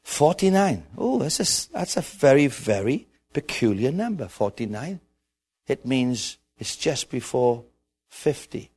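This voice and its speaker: A man with an Irish accent preaching a sermon, acting out a story with lively dialogue and building to shouts. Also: medium pitch, measured pace, breathy edge.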